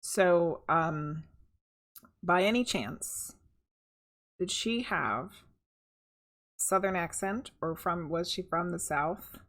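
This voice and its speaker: Slow, low-voiced woman medium streaming. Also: a bit bright. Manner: chatty, thinking aloud with fillers. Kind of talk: live-stream tarot reading, reading chat aloud.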